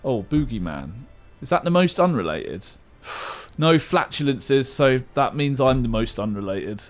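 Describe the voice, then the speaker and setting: A man's voice: mid-range voice, sing-song, a little slow, faint music behind. A young man streaming a word game live, calling out chat guesses in a hyped play-by-play way like a sports commentator. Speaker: livestreamer.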